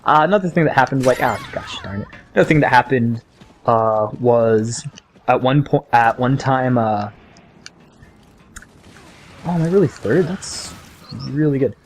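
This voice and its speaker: A man's voice: mid-range voice, animated, a little slow, long pauses, a little hiss or hum. A young man hosting a gaming channel, telling rambling, chatty stories while he plays. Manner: rambling, chatty storytelling between game reactions. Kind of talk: casual gameplay commentary.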